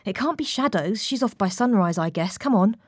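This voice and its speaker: Brief: eager young seaman, voiced by a woman audiobook reader, brisk and urging, dry studio sound. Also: mid-range voice, expressive, slightly rough, no room sound. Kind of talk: audiobook reading. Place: recording studio.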